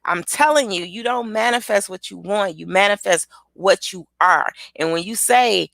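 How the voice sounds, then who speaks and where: A woman hosting a casual motivational live stream, chatty and lively, talking straight to her viewers. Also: mid-range voice, moderate pace, vocal fry, few pauses, no room sound.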